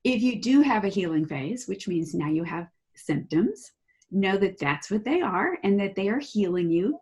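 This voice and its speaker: A woman guest in an interview, explaining her views in a lively way and acting out the voices people use in their heads. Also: mid-range voice, normal speed. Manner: animated, acts out inner voices while explaining. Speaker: guest, holistic practitioner.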